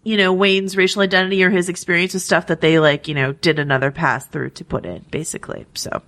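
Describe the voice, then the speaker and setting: A woman's voice: fairly low pitch, quick pace, a bit bright. A woman co-hosting a TV recap podcast, chatting casually with lots of likes and ums. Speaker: podcast co-host. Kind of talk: casual chat.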